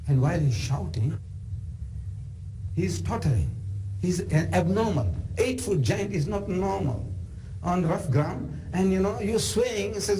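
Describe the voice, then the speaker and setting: A South African man giving a storytelling religious lecture, animated and full of conversational asides. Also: on the high side, normal speed, a little hiss or hum, low-quality recording. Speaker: Islamic lecturer.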